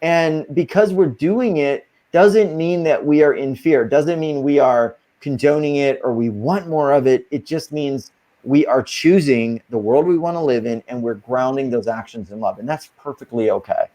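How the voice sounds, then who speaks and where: A man's voice: medium pitch, moderate pace, mellow. A man as an interview guest, talking casually and earnestly as he coaches listeners through spiritual steps.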